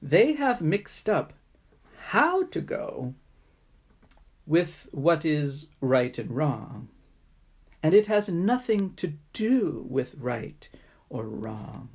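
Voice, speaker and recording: A woman voicing a big old wise spider who explains things gently and kindly. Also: deep voice, very animated, very slow, long pauses, husky, exaggerated voice. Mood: explaining.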